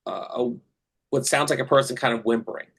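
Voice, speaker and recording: A man runs a tabletop session as game master, describing scenes in a loose, halting way packed with fillers. His voice sits at an ordinary middle pitch for a man. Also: steady tone, fairly bright tone, husky.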